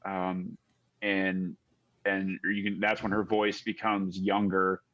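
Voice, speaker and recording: A man's voice: low voice, level tone, slow pace. A man narrating a tabletop game as game master, rambling with many fillers. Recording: slightly dull lo-fi audio.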